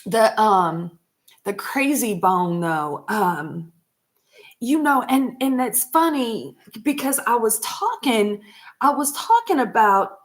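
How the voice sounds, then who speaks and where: A woman's voice: on the high side, very animated. A woman chatting casually on a vlog, rambling loosely, laughing often and swearing freely. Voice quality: unhurried, trailing talk. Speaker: vlogger.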